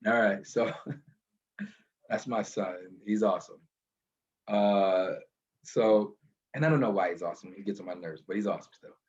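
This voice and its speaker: A man's voice: on the low side, unhurried, pauses often. Storytelling man on a muffled call. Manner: animated storyteller, builds to a lesson. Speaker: guest speaker. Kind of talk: motivational storytelling. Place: in a car.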